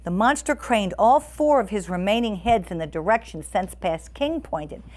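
A woman reading a storybook aloud to listeners as the storyteller, expressive and animated. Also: medium pitch, moderate pace.

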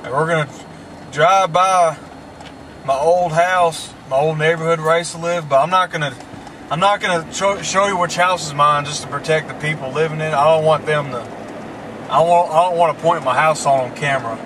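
A man's voice: fairly high pitch, moderate pace. A man with a Southern accent from Mississippi, hosting a casual, joking chat while driving around town. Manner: chatty, joking, folksy. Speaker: vlog host. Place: inside a car driving through town. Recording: road noise from a moving car.

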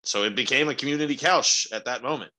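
Young male podcast co-host with a sharp, forceful voice; loose, profane storyteller who spikes upward when excited. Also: fast. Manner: rambling, profane storytelling with sudden excited jumps in pitch. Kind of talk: casual chat.

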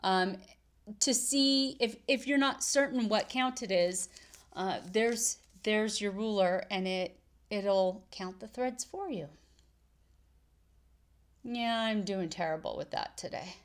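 A woman's voice: medium pitch, slow pace. A woman vlogger chatting casually about her stitching and quilting projects, rambling and correcting herself as she goes. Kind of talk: casual chat.

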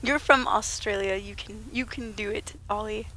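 A woman's voice: mid-range voice, steady tone, moderate pace, bright, forceful tone, a little hiss or hum. Chatty woman livestreamer, a little sick. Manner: playful, chatty, laughs often, reads chat aloud. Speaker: livestreamer playing a game. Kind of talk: casual livestream chat with viewers.

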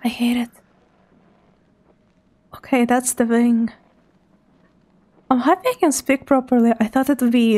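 A woman's voice: on the high side, measured pace, long pauses, darkish tone. A woman streamer giving live commentary on a horror game, talking to her chat and dropping to a whisper when she gets scared.

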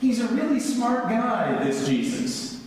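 A man's voice: very high voice, very animated, a little slow, darkish tone. A man who is a Jesuit priest, giving a reflective talk that retells a story with wry humor. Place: school hall or auditorium. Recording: echoey hall, far from mic.

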